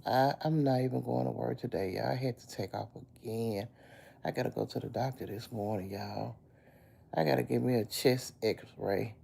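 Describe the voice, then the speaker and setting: This sick woman talks in a very deep, husky, gravelly voice with a dark tone, keeping a moderate pace. She has a chest cold and chats casually from bed on a phone live stream, greeting viewers by name and calling them baby.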